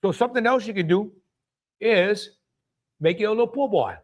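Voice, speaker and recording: Quick-paced and animated, the high-voiced host of a casual live cooking stream talks with a Louisiana accent. He chats and exclaims freely, welcomes viewers by name, and often breaks into laughter.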